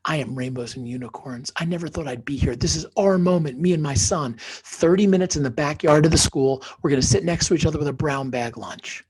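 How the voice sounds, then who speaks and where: A man's voice: on the high side, a little fast, hardly any pauses, slightly rough. A man who is a podcast guest and author, telling a personal story emphatically, sometimes dropping into a whisper for effect.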